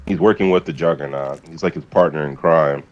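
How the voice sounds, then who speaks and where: A man's voice: a bass voice, a little fast, highs cut off. A man streamer from the US chatting casually and rambling, swearing freely and laughing often. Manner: rambling, profane, laughing often, many fillers. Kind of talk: casual chat.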